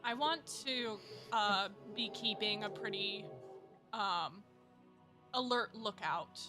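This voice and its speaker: A woman's voice: mid-range voice, slow pace, music in the background. A woman player in a tabletop game, talking hesitantly with many fillers. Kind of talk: casual tabletop play.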